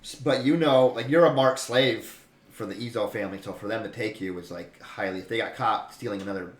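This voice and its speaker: A man's voice: lowish voice, fairly quick. A man narrating as game master, rambling and full of fillers. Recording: echoey room, faint noise.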